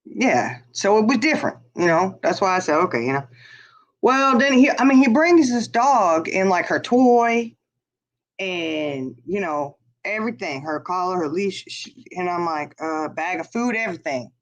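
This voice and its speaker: A woman's voice: fairly low pitch, expressive, moderate pace. Woman, chatty storyteller, lots of laughs, dull lo-fi sound. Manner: chatty, laughs often, lots of "you know". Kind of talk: casual chat, storytelling.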